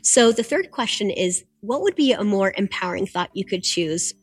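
A woman's voice: medium pitch, lively intonation, moderate pace, breathy edge, no room sound, soft background music. A woman guest who works as a performance coach, explaining her techniques in an encouraging, instructive way.

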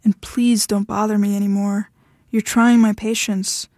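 A woman's voice: mid-range voice, level tone, unhurried, dark tone, no echo, studio quality. A woman voicing a tough, blunt woman who is fed up with her husband and speaks firmly. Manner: blunt, firm, impatient.

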